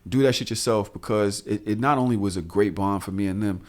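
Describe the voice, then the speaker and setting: A man, co-hosting a podcast and telling loose, profane stories full of animated asides. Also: on the low side, brisk. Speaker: podcast co-host. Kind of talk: casual podcast chat.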